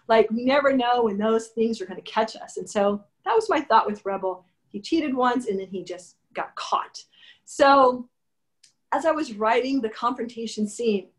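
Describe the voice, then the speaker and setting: A woman novelist answering interview questions in a conversational way, animated and often acting out her characters' lines. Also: a little high. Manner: animated, acts out character dialogue.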